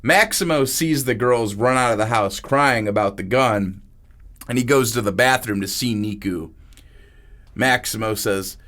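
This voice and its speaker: A man narrating a crime story in a plain, unhurried manner. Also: medium pitch, fairly bright tone.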